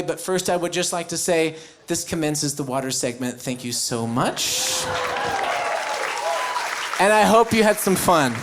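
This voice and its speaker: American male stand-up, high swooping voice, unhurried delivery, shouts his punchlines. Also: some chatter behind. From United States. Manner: animated, mock-shouting punchlines, loud impressions. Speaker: stand-up comedian. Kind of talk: live stand-up set. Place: comedy stage before a live audience.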